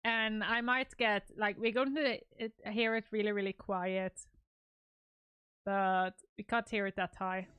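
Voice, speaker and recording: A woman's voice: medium pitch, fairly even intonation, unhurried, clean tone, dry recording, muffled recording, soft background music. A young woman chatting casually on a live stream, gushing and rambling as she shows her wedding photos, laughing often.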